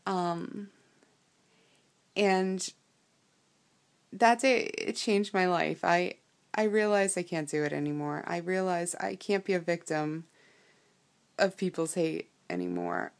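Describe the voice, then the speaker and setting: A young woman vlogger recounting a personal story, halting and emotional, with many ums and restarts. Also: lowish voice, animated.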